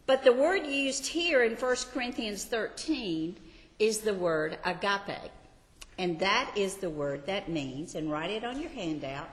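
A woman's voice: medium pitch, a bit bright, big-room sound. An older woman, teaching a Sunday school Bible class in a chatty, self-deprecating, homey way.

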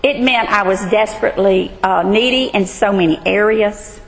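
A woman's voice: mid-range voice, normal speed. A woman, earnestly teaching a women's Bible study. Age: 60s. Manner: earnest, emphatic, emotional at times. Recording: hall reverb, faint ambience.

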